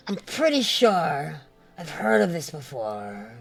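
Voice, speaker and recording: Tabletop player, male, high voice, slow and theatrical, faint music behind. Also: wildly swooping pitch, vocal fry, slightly rough. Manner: rambling, mock-grand pronouncements. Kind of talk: in-character roleplay.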